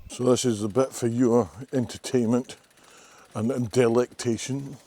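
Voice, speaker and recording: A man's voice: mid-range voice, fairly even intonation, unhurried, dark tone. An older Scottish man, a race sweeper, chatting casually and wryly to camera while cycling a coastal trail outdoors. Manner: chatty, wry and self-mocking. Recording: faint outdoor noise.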